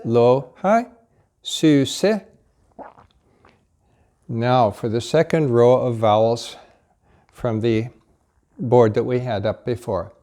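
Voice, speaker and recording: A man's voice: mid-range voice, steady tone, a little slow, mellow. A man teaching pronunciation, modeling vowels and short words patiently, one at a time. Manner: patient and encouraging. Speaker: language teacher. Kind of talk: slow pronunciation drill lesson.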